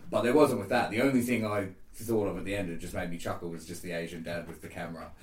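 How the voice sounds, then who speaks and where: Low-voiced man in casual banter. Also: steady tone, fast talker, distant mic. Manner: laughing, swearing banter. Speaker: podcast co-host. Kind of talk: casual chat. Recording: echoey room, off-mic.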